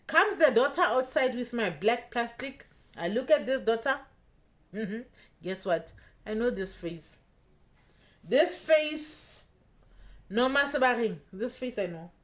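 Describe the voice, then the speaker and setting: A young woman telling a personal story in a casual storytime vlog, acting out the dialogue as she goes. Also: medium pitch. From South Africa. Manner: animated retelling, acting out quoted dialogue.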